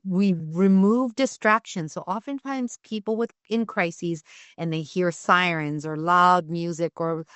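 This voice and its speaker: A woman trainer talks through de-escalation tips in a relaxed, conversational way. Her voice sits on the low side, and the recording is dry with almost no room sound. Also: no echo. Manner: conversational, repeats "right?" to check in. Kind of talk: training talk.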